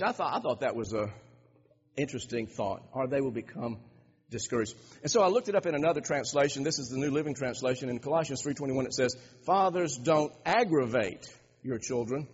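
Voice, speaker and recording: A man's voice: medium pitch, expressive, fairly quick, breathy edge. A man preaching a sermon to his congregation, emphatic, often repeating words and restarting his phrases. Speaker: pastor. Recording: dull lo-fi recording with long hall reverb.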